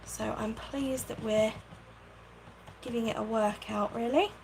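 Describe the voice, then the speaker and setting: A woman's voice: fairly high pitch, steady tone, unhurried, gravelly, background noise. A woman hosting a casual craft livestream from her home craft room, chatting, thinking aloud and thanking viewers by name. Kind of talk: casual live-stream chat while crafting.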